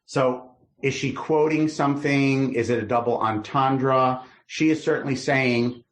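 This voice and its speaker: A man's voice: mid-range voice, measured pace. A man, a rabbi, teaching a text study class, reading verses aloud and then musing over what they mean. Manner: reads verses aloud then explains them, lively and musing. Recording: roomy echo.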